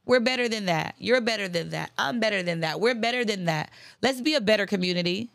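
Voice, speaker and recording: A woman's voice: medium pitch, expressive, fairly quick, creaky, fairly bright tone, dry recording. A woman hosting a casual faith-based talk on forgiveness, chatty and emphatic, repeating phrases for emphasis and breaking into preachy asides. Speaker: host.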